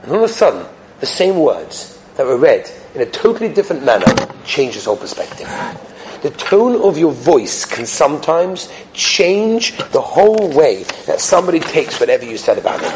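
A man giving a conversational storytelling talk, telling anecdotes in an animated way. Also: on the high side, normal speed, noisy background.

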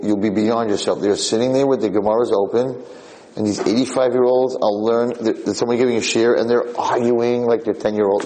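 A man's voice: lowish voice, long reverb tail, a little hiss or hum, poor audio. A man teaching an informal Torah class as a rabbi, telling stories animatedly and repeating himself. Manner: animated storyteller, repeats and restarts phrases.

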